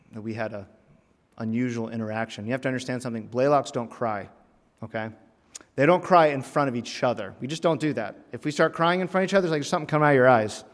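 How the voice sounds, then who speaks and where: A man preaching a personal sermon in a church, earnest, rising to emphatic lines and dropping to hushed, heavy phrases. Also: on the low side. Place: church sanctuary. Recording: long reverb of a church hall.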